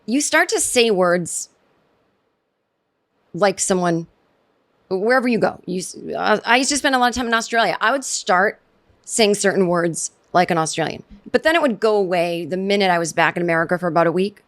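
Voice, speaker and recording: A woman's voice: mid-range voice, normal speed, a bit bright. A middle-aged woman hosting a solo comedy podcast, talking in a sardonic, rambling way that keeps interrupting itself. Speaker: podcast host.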